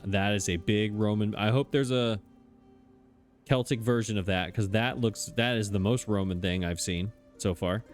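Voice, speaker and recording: A man's voice: fairly low pitch, normal speed, soft background music. A man hosting a let's play, thinking aloud in a chatty, puzzled way and poking fun at his own mistakes. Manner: self-mocking, chatty. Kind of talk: casual gameplay commentary.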